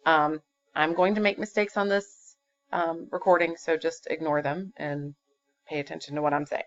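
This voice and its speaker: This dull lo-fi computer recording captures a classroom grammar lesson in which a woman teaches fifth graders. Her deep voice holds a steady tone at normal speed as she patiently explains step by step, using fillers.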